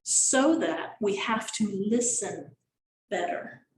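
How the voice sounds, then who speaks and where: A woman's voice: medium pitch, slow pace. Woman coaching a group, echoey room. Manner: animated, acts out gestures and voices. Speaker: sales coach. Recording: echoey room, mic far off, faint noise.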